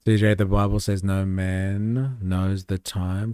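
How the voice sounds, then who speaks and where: A man's voice: deep voice, level tone, takes it slowly, mellow, clean tone, no room sound, studio quality. A man hosting a livestream, casually commenting on news clips with sarcastic, profane reactions. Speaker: livestream host.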